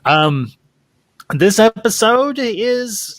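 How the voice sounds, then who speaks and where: A man's voice: sits high, sing-song, extremely slow, no echo. A man hosting a casual livestream chat, folksy and chatty with frequent ums. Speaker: host.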